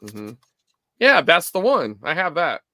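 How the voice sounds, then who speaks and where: A man in his forties co-hosting a live stream show, telling stories in a rambling, animated way with lots of fillers. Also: a little high, a little slow, dry recording, studio quality. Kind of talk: casual chat.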